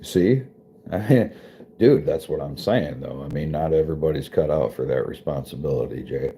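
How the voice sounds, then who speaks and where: A man's voice: a bass voice, mellow. A man chatting casually with viewers, swearing and joking, often laughing. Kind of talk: casual chat.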